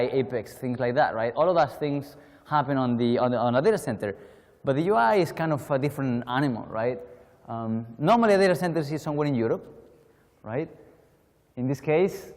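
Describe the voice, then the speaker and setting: A Spanish man with a Spanish accent delivers a chatty, self-deprecating keynote in a conference hall, restarting his sentences often. His mid-range voice is a little mellow and carries a big-room sound.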